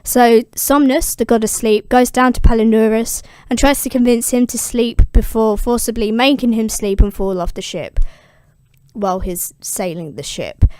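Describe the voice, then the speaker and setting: A woman's voice: on the high side, normal speed, darkish tone, clear, resonant tone, no echo, studio quality. A young woman giving a casual, slangy, irreverent summary of a classical epic, with frequent swearing. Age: young adult. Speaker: classics explainer. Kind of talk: casual video explainer.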